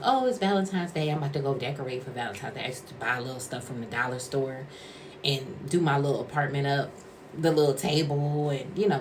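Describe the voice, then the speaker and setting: A woman's voice: sits low, slight background noise. A woman vlogger and former caregiver telling a rambling, conversational story and acting out what people said. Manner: rambling, conversational, acts out quotes. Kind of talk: casual storytelling vlog.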